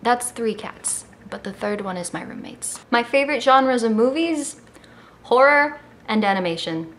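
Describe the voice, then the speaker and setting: A woman's voice: fairly high pitch, lively intonation, moderate pace, a bit bright, slight background noise. A woman in her early twenties from Miami, with a slight Miami accent, talking to a camera at home in a sassy, joking, casual way. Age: early 20s. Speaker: vlogger. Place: home in California. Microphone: camera mic.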